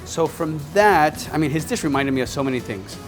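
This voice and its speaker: With a slightly high, expressive voice and a somewhat fast pace, a man hosts a cooking show, chatting cheerfully to the viewer during a casual cooking demonstration. A pan sizzles over background music.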